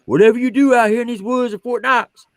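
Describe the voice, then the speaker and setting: A man voicing a big, muscular male army drill sergeant who bosses recruits around in loud, casual slang. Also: very high-pitched, fairly even intonation, fast, no room sound, pitched above the performer's own voice. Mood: bossy.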